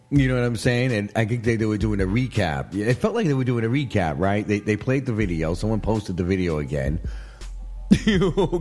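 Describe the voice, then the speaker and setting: A man's voice: fairly low pitch, darkish tone. A man hosting a casual gossip chat in a studio, rambling, laughing often and repeating "you know what I mean". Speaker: show host. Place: studio with guests. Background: faint music.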